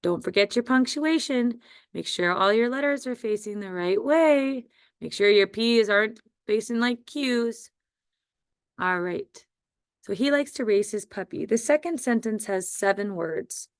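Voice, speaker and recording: A woman teaching a phonics dictation lesson, sounding out words slowly and deliberately. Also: fairly high pitch, lively intonation, smooth, no room sound, studio quality.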